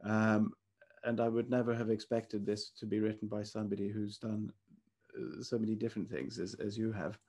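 A man hosting an online author talk, speaking haltingly with many restarts. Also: fairly low pitch, flat delivery, darkish tone. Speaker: event host.

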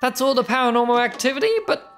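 A woman's voice: high-pitched, flat delivery, fast, soft background music. A young adult woman playing through a video game, chatting playfully and reading the characters' dialogue aloud. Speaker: let's play host. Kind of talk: gameplay commentary.

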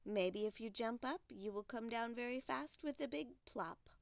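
A woman voicing a patient mother bear in a storybook, calm and gently teasing. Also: fairly high pitch, normal speed, gravelly, no room sound.

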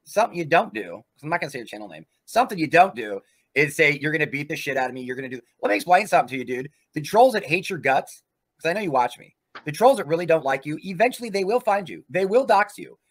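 Man, livestream host, profane ranting, animated pitch, slightly high voice. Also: fast talker.

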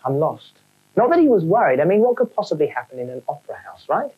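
A woman with a low voice reads a children's story. Her pitch jumps around a lot, and her tone stays wry and animated through the narration. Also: racing, narrow, tinny audio.

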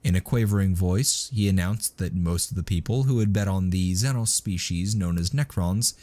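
Deep-voiced man narrating a story. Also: moderate pace. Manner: steady storytelling read. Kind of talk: scripted narration.

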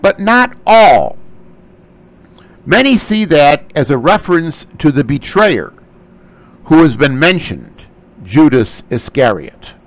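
A man's voice: a little high, low-quality recording. A man teaching a scripture lecture, explaining Greek terms closely. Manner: slow, animated delivery. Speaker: Bible study teacher.

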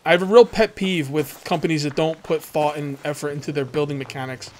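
A fairly high-voiced man rambles through casual gameplay commentary, chatting straight to his viewers as a let's play host. He talks loosely, full of asides, with a faint hiss of noise behind him. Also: steady tone, fairly quick.

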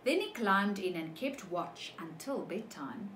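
Preschool teacher, woman, slow expressive storybook reading, roomy echoey sound. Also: medium pitch, a little hiss or hum. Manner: slow, animated, asks children questions. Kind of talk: reading a picture book to young children.

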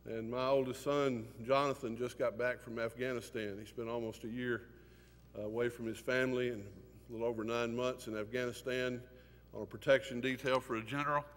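An older man, teaching a Sunday class in an earnest, emotional way, with many pauses and fillers. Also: medium pitch, fairly even intonation. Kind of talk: sermon. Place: church classroom. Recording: hall reverb.

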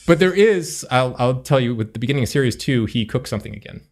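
A man hosting a casual podcast review chat, animated and laughing often. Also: medium pitch, a little fast. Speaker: podcast host.

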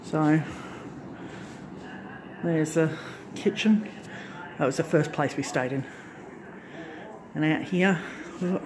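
A woman's voice: sits low, slow pace, long pauses. Chatty woman showing round her farm unit, handheld phone, bit of faint noise behind. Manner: chatty, rambling, self-correcting. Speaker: craft channel vlogger. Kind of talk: casual home tour. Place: farm lodge unit, indoors and on the back porch.

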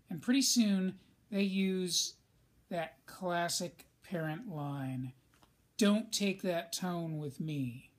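A male teacher giving a recorded lesson in a conversational way, speaking straight to his students. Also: high-pitched. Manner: conversational, addresses students directly.

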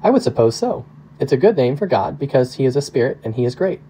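A man reads as a loving father who speaks softly and tenderly to his children. The voice is mellow and warm in tone. It sounds like a storybook read aloud. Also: medium pitch, big pitch swings, quick pace, slightly rough, poor audio. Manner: soft, tender and reassuring.

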